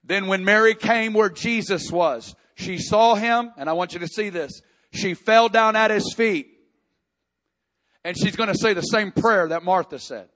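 High-voiced man preaching with passion. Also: unhurried. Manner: impassioned preaching, rising to shouts in emotional passages. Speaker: pastor. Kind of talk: sermon.

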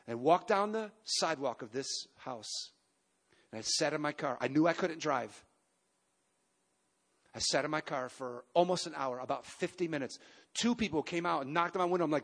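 This fifties-aged preacher delivers a sermon in a big church, telling his story with animation, pausing for emphasis and erupting into sudden loud bursts. His voice runs on the high side.

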